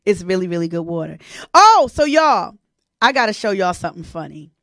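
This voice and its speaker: A woman hosting a radio show, chatting casually with her listeners, animated and laughing often. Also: fairly low pitch, a little fast, no echo, clean studio sound. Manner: animated, laughs a lot, sings playful bits.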